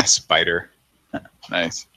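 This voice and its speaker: A man's voice: extremely slow, pushed and bright, dry recording. A man in his thirties hosting a late-night live show, tired and yawning, chatting casually and chuckling as he thinks aloud. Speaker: podcast host.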